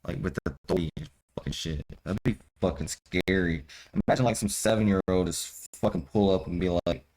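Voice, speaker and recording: Deep-voiced young man reading scripture casually. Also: darkish tone, rough recording. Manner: reads archaic text haltingly, then riffs in loose profane slang. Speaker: streamer reading scripture aloud.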